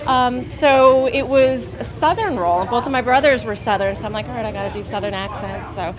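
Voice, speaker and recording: An actress at an outdoor premiere red carpet, talking in a modest, friendly, self-critical way. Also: female voice, on the high side, fairly quick, music in the background. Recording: crowd chatter behind.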